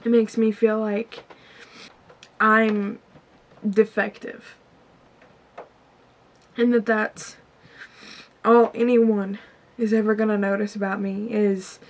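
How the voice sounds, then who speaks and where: A woman's voice: fairly high pitch, flat delivery, takes it slowly, pauses often. Chatty young woman vlogging to camera. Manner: emotional, tearful confiding. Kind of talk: casual vlog talk to camera. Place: store aisle, indoors. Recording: faint background music.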